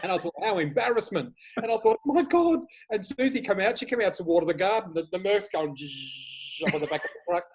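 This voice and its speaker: Man with Australian accent, casual chat, lively, somewhat high voice. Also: quick pace, few pauses. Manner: animated storyteller, laughs often, swears casually. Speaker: guest, flower reader.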